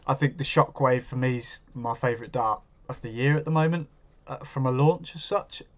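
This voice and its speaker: A chatty man hosts a live stream, talking casually and answering his viewers' comments as he goes. His voice sits at an ordinary middle pitch. The stream audio is a little dull and lo-fi. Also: fairly even intonation, normal speed.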